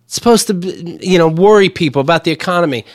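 A man's voice: sits high, quick pace, no room sound, studio quality. A man hosting a podcast, telling a profane, ranting story in casual comedic chat. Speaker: podcast host.

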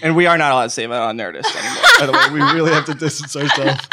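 A man's voice: on the high side, very fast, very noisy. A man hosting a casual comedy podcast, telling bad jokes, rambling and laughing at himself. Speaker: podcast host.

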